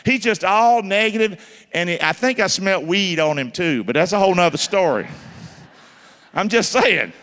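A man's voice: high voice, lively intonation, normal speed, a bit bright, long reverb tail. A man preaching a sermon as pastor, emphatic, spelling words out and throwing call-and-response questions to the congregation in a church.

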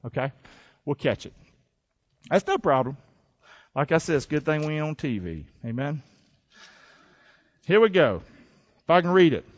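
A man preaching a sermon as pastor, energetic and folksy, calling on the congregation to answer and repeat after him. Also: fairly high pitch, normal speed, pauses often. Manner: energetic, call-and-response preaching with folksy asides. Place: church. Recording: dull lo-fi church recording with long reverb.

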